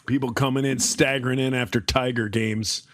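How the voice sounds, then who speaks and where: A man's voice: mid-range voice, fairly even intonation, normal speed, a bit bright, dry recording, clean studio sound. A man co-hosting a podcast in casual, joking chat, laughing often. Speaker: podcast co-host.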